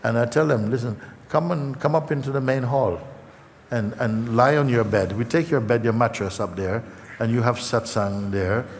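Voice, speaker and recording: A man giving a gentle spiritual talk to an audience, slow and halting, with many fillers and repeated words, emotional at times. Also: mid-range voice, slight background noise. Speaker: spiritual teacher. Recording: hall reverb, faint ambience.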